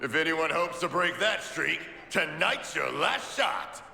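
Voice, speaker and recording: A flamboyant nightclub announcer who stretches out every line. His high, very bright voice swoops widely and lingers slowly. It rings through a long, echoey hall. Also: animated, vocal fry, full character voice. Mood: showy. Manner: showy, drawn-out announcing.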